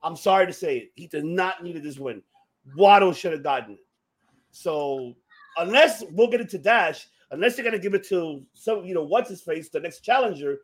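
A man co-hosting a casual wrestling podcast, profane and excitable. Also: high voice, moderate pace, breathy edge. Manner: profane, excitable, shouts in frustration. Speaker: podcast co-host.

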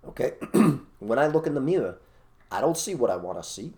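A man co-hosting an opinionated casual chat, blunt and animated, repeating his phrases for emphasis. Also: medium pitch, fairly quick. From United States. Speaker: co-host.

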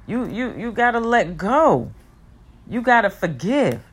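A woman giving a heartfelt personal motivational talk, emphatic and repetitive, sometimes rushing her words. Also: a little high, very animated, breathy edge. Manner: speeds up and slows down, talks fast at times.

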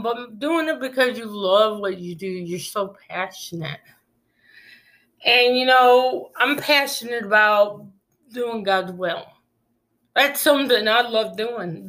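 With a fairly high pitch and a bright, forceful tone, this podcast host talks earnestly about faith in a casual monologue. She rambles and frequently starts her sentences over.

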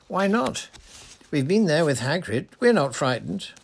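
A man's voice: very animated, slow pace. A man putting on a breathless schoolgirl. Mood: eager. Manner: breathless, high and pleading. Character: eager, breathless teenage schoolgirl.

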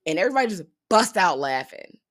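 A young woman casually recapping a TV episode, animated and profane, acting out characters' lines in paraphrase. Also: medium pitch, fast. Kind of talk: casual storytelling commentary.

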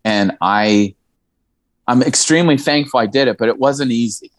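Speaking at normal speed in a mid-range voice, the Indiana musician shares candid conversational stories. He's frank and emotional, occasionally profane, and breaks into laughing asides.

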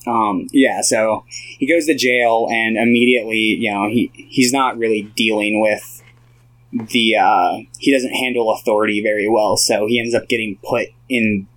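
Low-voiced young man retelling a film. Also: moderate pace, poor audio. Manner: relaxed retelling with many fillers. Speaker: podcast co-host. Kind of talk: casual film discussion.

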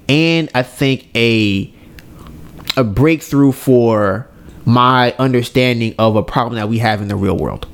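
A man hosting a podcast, retelling a scene in a casual, animated way, acting out lines and often adding "right?". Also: mid-range voice. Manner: frequent "right?" tag questions. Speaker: podcast host. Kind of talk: casual storytelling recap.

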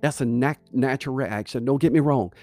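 Man preaching over soft guitar. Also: mid-range voice, fairly quick. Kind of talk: sermon.

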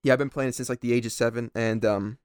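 A man's voice: medium pitch, fairly even intonation, fast talker, smooth, no room sound, studio quality. A teenage boy chatting on a podcast with friends, rambling with lots of fillers. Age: teens. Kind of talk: casual chat.

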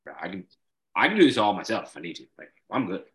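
A man's voice: deep voice, sing-song, fast, fairly bright tone. A young man hosting a casual business chat, swearing freely and saying "bro" and "like" constantly. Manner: swears often, says "bro" and "like" a lot. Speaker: bounce house business owner, podcast host.

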